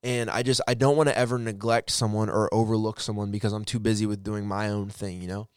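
A man's voice: on the low side, little pitch movement, quick pace, clean tone, dry recording, clean studio sound. A man telling a personal story to his viewers in a casual, heartfelt way, rambling and correcting himself as he goes. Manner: rambling, with frequent restarts and self-corrections; earnest and encouraging.

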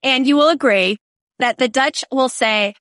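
Woman, podcast chat guest, expressive storyteller; high-ish voice, dry close-miked read. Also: a little slow, no room sound. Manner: animated storyteller, acts out quoted voices. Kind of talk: casual conversation.

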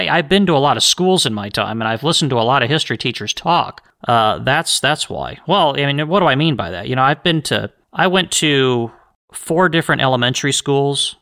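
Man, podcast host, bright voice, rhetorical questions, argumentative monologue. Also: medium pitch, lively intonation, a little fast. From United States. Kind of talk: solo opinion podcast monologue.

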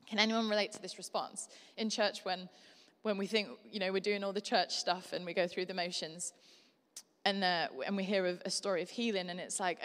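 A young woman preaching a sermon in a conversational, animated way. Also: medium pitch, fairly quick. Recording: long hall reverb.

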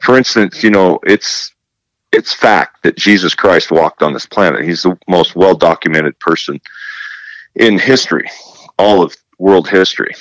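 A man with a rather deep voice tells his stories with energy and plays every quoted line aloud. He repeats himself and often restarts his sentences. The recording is close and dry, with no room sound. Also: a little slow, no room sound, rough recording. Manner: animated storyteller who acts out quoted dialogue. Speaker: guest, television presenter. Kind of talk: casual faith interview.

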